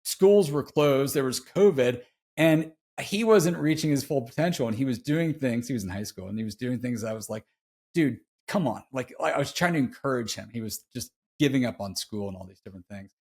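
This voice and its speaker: A man's voice: medium pitch, animated, a little fast, few pauses, a little mellow, husky. A middle-aged man telling a personal story as a podcast guest, laid-back and slangy, heartfelt and confessional. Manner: laid-back, slangy, peppers speech with "dude". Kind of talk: casual interview storytelling.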